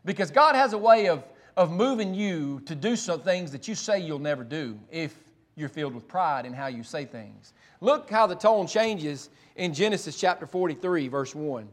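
High-voiced preacher, folksy. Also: male voice, expressive, normal speed. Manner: folksy, conversational storytelling with frequent restarts. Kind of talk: sermon, retelling scripture.

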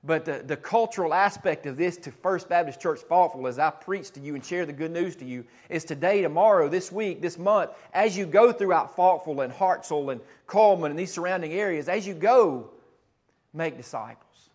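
A man's voice: on the high side, brisk, few pauses. A man preaching a sermon as pastor, earnest and repetitive, restarting phrases as he teaches.

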